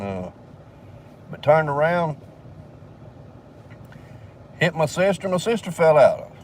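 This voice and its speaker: A man's voice: a little high, darkish tone, distant mic. An older man spins a long, cussing yarn in a loose, drawling way, chuckling as he goes. He sits a little back from the mic, with a faint hum of a vehicle behind him. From southern United States. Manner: profane, rambling, drawling, laughs between lines. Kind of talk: casual storytelling.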